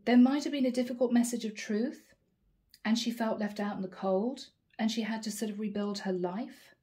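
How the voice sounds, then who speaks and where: A woman's voice: a little high, fairly even intonation, moderate pace, mellow. A woman giving a channeled tarot reading, musing aloud and naming each card in short bursts. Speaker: tarot reader.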